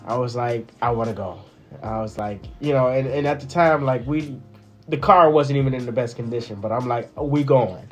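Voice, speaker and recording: A man tells his story in a loose, animated way, stumbling over repeated words and fillers as he goes. Faint music plays under his voice. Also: medium pitch, moderate pace. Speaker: husband sharing a testimony. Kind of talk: casual testimony storytelling.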